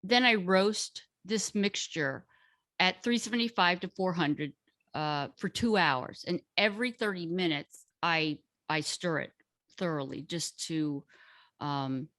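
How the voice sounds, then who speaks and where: Woman, casual recipe chat, hesitant fillers, low voice, unhurried. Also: fairly bright tone, no room sound, clean studio sound. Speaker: guest cook sharing a recipe.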